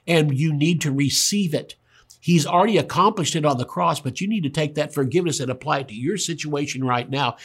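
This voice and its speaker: A man's voice: a little high, breathy edge. A man preaching a sermon, telling a story and acting out the voices of the people in it. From Oklahoma, US. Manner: storytelling preacher, acts out dialogue. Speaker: pastor.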